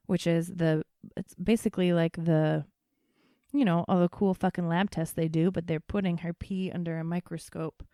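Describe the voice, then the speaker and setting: A young woman spins a rambling story in a relaxed, profane, chatty way as a podcast host. Her voice sits a little low for a woman. The sound is close and dry, with no room echo. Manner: chatty, profane, tells stories with quoted dialogue. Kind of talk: casual storytelling.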